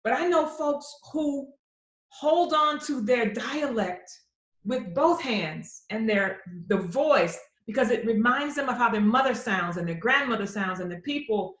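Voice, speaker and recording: A woman's voice: fairly high pitch, animated, unhurried, fairly bright tone. A middle-aged woman poet answering audience questions at a virtual book launch, telling stories and acting out the voices of people she quotes. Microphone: computer mic on a video call. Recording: roomy echo on a video call.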